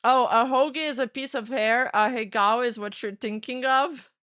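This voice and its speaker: Excitable young woman streamer, bright voice. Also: a little high, moderate pace, no room sound, studio quality. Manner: excitable, laughs often, swears freely. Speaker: VTuber streamer. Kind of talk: livestream reaction commentary.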